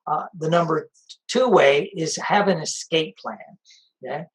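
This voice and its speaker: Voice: mid-range voice, unhurried, rough recording. A sobriety coach giving practical advice in a casual, conversational way, repeating the key points. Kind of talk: casual spoken advice talk.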